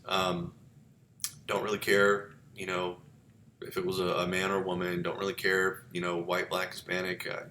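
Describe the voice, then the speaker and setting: Low-voiced man lecturing in an echoey room. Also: sharp tone, slight background noise. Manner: conversational, rambling with many fillers and restarts. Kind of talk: casual recorded lecture. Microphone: webcam with filter.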